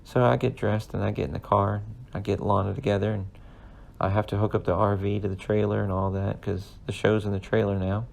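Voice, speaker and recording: A man's voice: lowish voice, little pitch movement, fairly quick, vocal fry, a little mellow. A man in his thirties, a podcast host, telling an earnest, rambling personal story in a casual way. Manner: rambling, earnest, emotional at times.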